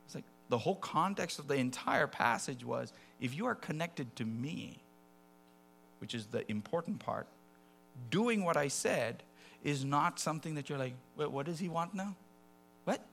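A man preaching a sermon, animated and conversational, dropping to soft asides and rising to loud acted quotes. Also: fairly high pitch, moderate pace, gravelly, soft background music.

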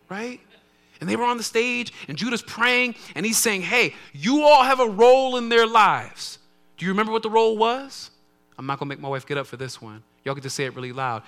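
A male pastor delivers a sermon in a conversational, preaching style. His voice is bright and forceful, sitting a little high for a man. He moves between soft, low asides and loud, emphatic lines.

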